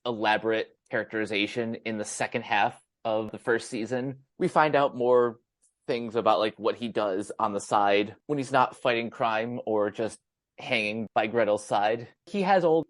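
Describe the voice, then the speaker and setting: A man co-hosting a podcast in casual chat, explaining things in a measured way. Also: on the low side, no room sound. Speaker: podcast co-host.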